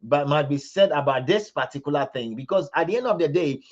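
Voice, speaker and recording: Hosting a live commentary stream, a man with a Ghanaian English accent repeats himself and stumbles through restarts, building toward indignant emphasis. His voice is a little high, expressive and fairly quick, and the audio sounds dull.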